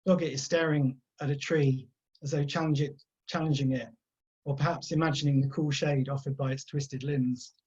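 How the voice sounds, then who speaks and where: Husky man reading his fiction. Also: mid-range voice, fairly even intonation, moderate pace, a little mellow. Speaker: author. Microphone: video call. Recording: dull lo-fi video call audio.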